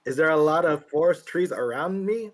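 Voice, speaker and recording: A man's voice: a little high, animated, moderate pace. A man playing in a tabletop fantasy game, thinking aloud playfully as he plans his character's moves. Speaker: player. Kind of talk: casual tabletop game play.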